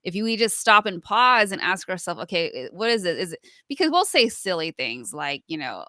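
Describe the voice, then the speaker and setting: Woman, podcast co-host, bright tone, dry close sound, reflective casual talk. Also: medium pitch, very animated, normal speed, no echo. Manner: reflective, quotes inner thoughts animatedly. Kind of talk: casual conversational discussion.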